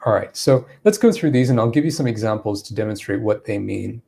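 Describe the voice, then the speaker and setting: A man's voice: on the low side, animated, a little fast, vocal fry, dark tone, husky. A man giving a live-streamed English lesson, explaining step by step and acting out spoken examples. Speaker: English teacher.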